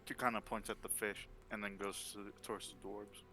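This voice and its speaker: Lowish, bright-voiced man playing a tabletop game. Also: fairly quick, soft background music. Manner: relaxed, hesitant speech. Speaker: player. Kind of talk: casual role-play chat.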